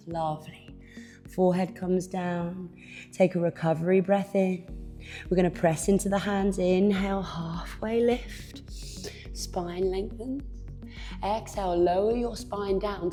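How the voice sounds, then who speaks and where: A woman instructor leads a yoga class with calm, encouraging cues as she moves, a little out of breath and sometimes dropping to a whisper. Her voice is on the low side.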